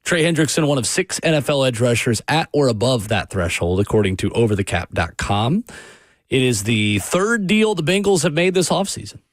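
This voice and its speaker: A man's voice: mid-range voice, expressive, moderate pace, no echo. A man hosting sports radio talk, with a dry, sarcastic delivery.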